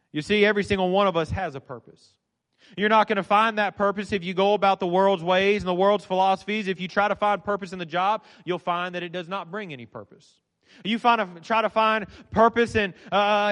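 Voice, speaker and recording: A man preaching a sermon, reading scripture in old formal wording and dropping to a hush on key words. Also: sits high. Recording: long reverb in a church hall.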